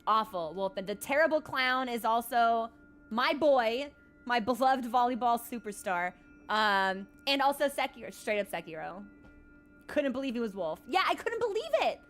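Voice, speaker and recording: A woman streamer chats casually to her viewers in a slightly high voice. She tells her stories in an animated way, leaning on "like" and small laughs. Soft game music plays faintly under her talk. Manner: chatty, animated storytelling with laughs and filler "like". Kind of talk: casual live-stream chat.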